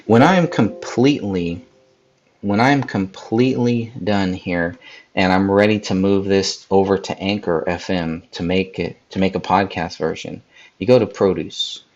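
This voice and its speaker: A man with a low, gravelly voice leads a live editing tutorial, casually explaining each step as he goes. He chats with viewers in the live chat while he works. The recording sounds dull and lo-fi. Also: steady tone, moderate pace, a little mellow. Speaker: podcast host.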